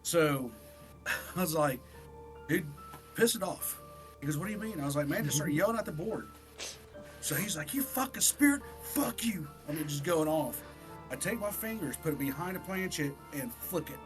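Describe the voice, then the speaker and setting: A man co-hosting a podcast, telling a story in an animated, profane, casual way. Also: a little high, normal speed, music in the background. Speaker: podcast co-host.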